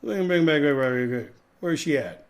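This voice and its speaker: A man's voice: on the high side, lively intonation, brisk. A man hosting a podcast, giving an emphatic, repetitive, preachy rant to his viewers. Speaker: podcast host. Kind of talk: ranting commentary.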